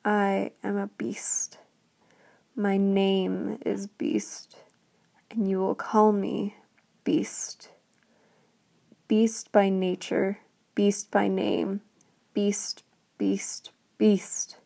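Woman doing a gravelly storybook beast, male, furious, slow heavy growl, low dark whisper, whispered role-play. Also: flat delivery. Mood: angry growl. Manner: slow, growling, spitting words.

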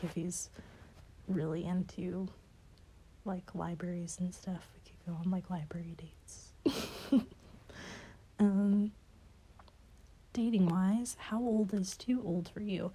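A young woman answering questions in a casual chat, hesitant and rambling with many fillers and soft laughs, her voice a bit stuffy as if she has a cold. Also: lowish voice, steady tone, a little slow, long pauses, slight background noise. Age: young adult.

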